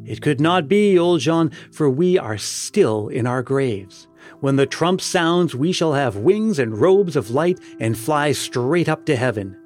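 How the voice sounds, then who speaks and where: A man's voice: on the high side, expressive, unhurried, darkish tone. A man voicing the mournful ghost of an old fisherman of sixty in a gothic story. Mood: gentle. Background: music.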